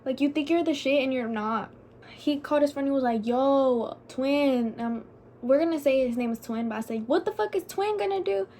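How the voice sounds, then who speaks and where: A woman's voice: high-pitched, steady tone, normal speed, dark tone, slight background noise. A young woman vlogger telling a personal story in a chatty, casual way, swearing freely and saying "like" a lot. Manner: chatty and profane, heavy use of "like".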